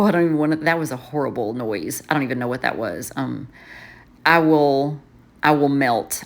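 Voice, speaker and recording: A woman vlogger chatting casually while setting up her planner, rambling and poking fun at herself. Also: fairly low pitch. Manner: rambling, chatty and self-mocking, often trailing off.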